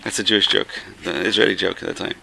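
A man's voice: low-pitched, steady tone, rapid-fire, gravelly, background noise. A man, teaching a Torah class, who repeats key phrases for emphasis and tells jokes along the way. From England.

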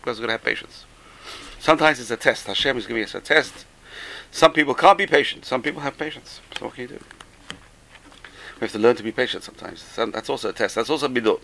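A man's voice: mid-range voice, fast, creaky, pushed and bright, slight background noise, rough recording. A man, teaching a Torah class, who repeats key phrases for emphasis and tells jokes along the way. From England.

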